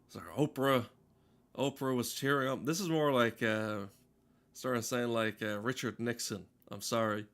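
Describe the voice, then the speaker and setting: A man streaming a game, talking in deadpan, rambling casual comedy full of hesitations. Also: medium pitch, normal speed. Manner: deadpan, rambling, heavy with "uh" fillers. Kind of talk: casual rambling comedy chat while gaming.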